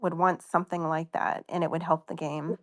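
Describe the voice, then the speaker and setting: A woman's voice: fairly low pitch, level tone, brisk. A woman guest in a casual podcast chat, speaking thoughtfully and hesitantly, with many fillers. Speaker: guest, author.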